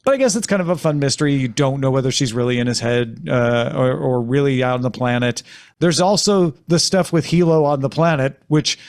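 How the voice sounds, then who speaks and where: A man's voice: mid-range voice, fairly quick. A man hosting a casual TV discussion podcast, talking animatedly with playful jumps in his voice. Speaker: podcast host. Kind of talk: casual chat.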